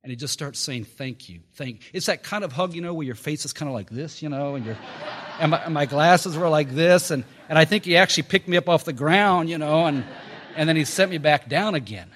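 A man's voice: fairly quick, slight background noise. Man preaching a sermon in a reverberant hall. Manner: storytelling, rising to loud peaks then dropping low. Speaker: pastor. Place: meeting house.

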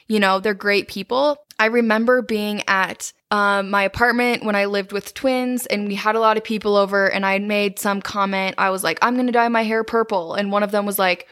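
A woman's voice: medium pitch, level tone, moderate pace, few pauses, fairly bright tone. A young woman co-hosting a casual podcast chat, talking candidly, swearing freely and acting out what others said. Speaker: podcast co-host.

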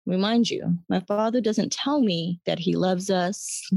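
Woman guest, personal testimony, halting reflective delivery, dry recording. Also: medium pitch, gravelly, a little mellow, no echo. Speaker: interview guest.

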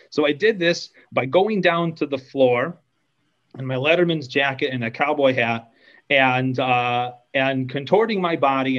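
A man's voice: medium pitch, a bit bright, muffled recording. A middle-aged man, a podcast guest, telling a rambling, self-deprecating story in casual chat with lots of fillers.

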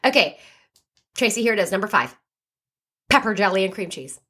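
A woman's voice: mid-range voice, animated, fairly quick, sharp tone, husky. A woman co-hosting a podcast, chatty, reading list items out with a playful flourish. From American South. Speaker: podcast co-host. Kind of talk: casual chat, reading out a list.

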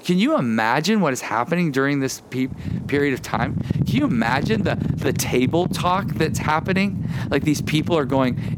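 A man's voice: fairly high pitch, expressive, normal speed. Male pastor, earnest outdoor sermon, stumbles and repeats, faint wind noise in the background. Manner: earnest, repeats words, quotes in character voices.

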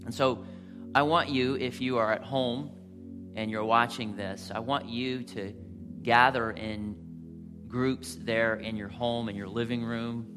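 A pastor preaching a sermon with passion, rising to loud emphasis and then dropping to a quiet, intimate tone. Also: male voice, medium pitch, fairly even intonation, unhurried, music in the background.

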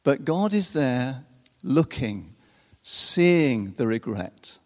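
A man preaching a sermon in an unhurried, expressive way, chuckling often between phrases. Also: medium pitch. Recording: long reverb of a large hall.

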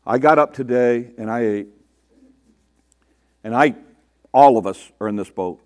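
A man's voice: mid-range voice, a little slow, a little mellow. A man preaching a sermon to his congregation in a conversational way, asking rhetorical questions and mimicking the people he quotes. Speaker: pastor.

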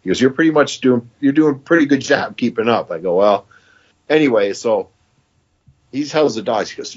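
A man's voice: mid-range voice, animated, brisk, slightly rough, highs cut off. A man in his fifties from Michigan, a podcast guest telling a long story in a rambling, casual way and quoting what others said. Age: 50s. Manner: rambling, quotes others with "he goes".

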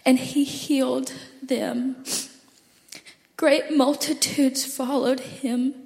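A woman with an Alabama accent reading scripture aloud in a congregation, halting now and then to correct herself. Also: high-pitched, level tone, gravelly, darkish tone. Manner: reads haltingly, slips and self-corrects. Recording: distant voice in an echoey hall.

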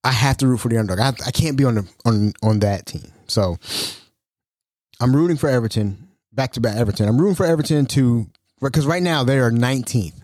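A man's voice: mid-range voice, animated, a little fast, darkish tone, no echo, studio quality. A man hosting his own podcast in casual solo talk, rambling and self-mocking, laughing often. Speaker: podcast host.

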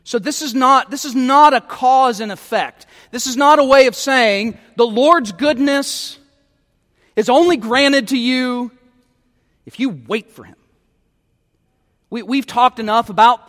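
A man's voice: extremely high pitch, measured pace, a bit bright, long reverb tail. A male pastor preaching a sermon, emphatic and repeating words as he starts phrases.

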